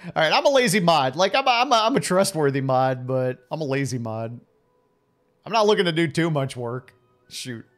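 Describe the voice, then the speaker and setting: A man's voice: fairly high pitch, big pitch swings, normal speed, fairly bright tone, faint music behind. A man in his late thirties streaming a game, chatting and teasing his viewers with frequent laughs. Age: late 30s. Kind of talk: casual game commentary talking to chat.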